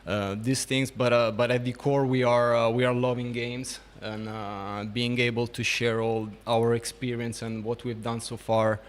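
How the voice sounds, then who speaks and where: A man who co-founded a game studio, answering interview questions in a thoughtful, halting way. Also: medium pitch, flat delivery. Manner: thoughtful, halting, frequent restarts. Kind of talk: casual interview.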